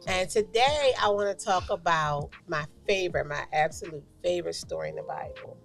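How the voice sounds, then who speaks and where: A woman's voice: on the low side, moderate pace, creaky, soft background music. A woman co-hosting a talk show, sharing a faith message in a chatty way, full of "you know" and "like". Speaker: co-host giving a faith segment. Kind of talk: casual devotional talk.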